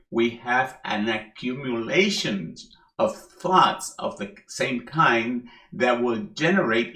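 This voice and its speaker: A middle-aged man giving a sermon as a minister, relaxed and joking, repeating key phrases for emphasis. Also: medium pitch. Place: church hall. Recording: echoey hall.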